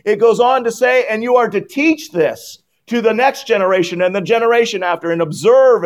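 A man preaching a sermon to his congregation, emphatic and rising in pitch when he quotes scripture and blessings. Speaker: pastor. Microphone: PowerPoint on screen, speaking at a church lectern.

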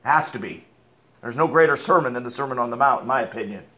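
A man preaching a sermon as pastor, emphatic, asking rhetorical questions and dropping to quiet asides. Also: mid-range voice, quick pace.

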